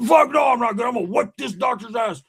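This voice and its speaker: A man voicing a hot-headed male convict friend in a hospital bed, shouting and swearing. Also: a little high, fast talker, creaky, slightly rough. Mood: shouting furious. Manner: shouting, profane, threatening.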